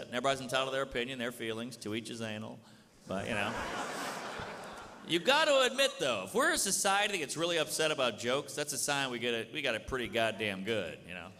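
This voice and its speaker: A man performing a stand-up comedy set, crude and conversational, leaning on "you know". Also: medium pitch. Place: comedy club stage. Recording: live stage mic, reverberant hall, loud audience. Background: audience laughter and room noise.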